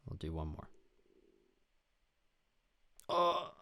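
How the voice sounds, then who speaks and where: A man's voice: a bass voice, sing-song, drawn-out words, bright, forceful tone. A young man hosting a podcast in a casual, rambling, profane chat. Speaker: podcast host.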